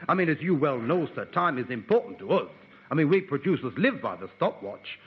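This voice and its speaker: A man's voice: a little high, big pitch swings, a little fast, highs cut off. A man playing a bumbling, servile radio producer in a 1960s comedy sketch, who says "sir" after everything and talks in broken grammar. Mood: eager. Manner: ungrammatical, rambling. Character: bumbling eager middle-aged male radio producer. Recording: hissy old reel-to-reel radio tape.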